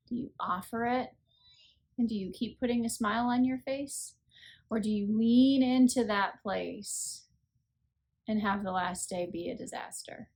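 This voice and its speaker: A woman in her thirties, worn out after a long week, gives an earnest, unscripted reflection for her faith podcast. She speaks plainly and conversationally, at a medium pitch, and pokes gentle fun at her own weariness. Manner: earnest, conversational, self-deprecating. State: tired. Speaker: podcast host.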